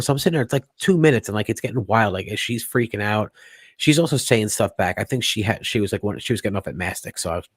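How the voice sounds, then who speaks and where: A man, co-hosting a podcast, telling crude, profane stories in fast casual chat. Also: fairly low pitch, animated, no echo, clean studio sound. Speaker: podcast co-host.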